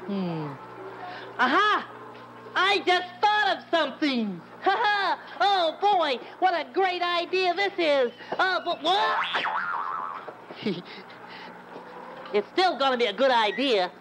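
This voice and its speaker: A huge, childlike bird with a high, bouncing voice full of innocent excitement. It is 1970s children's television, with a faint hiss on the old audio. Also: male voice, slow, long pauses, full character voice, poor audio. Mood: eager. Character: big childlike male yellow bird, eager and earnest. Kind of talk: children's TV puppet comedy.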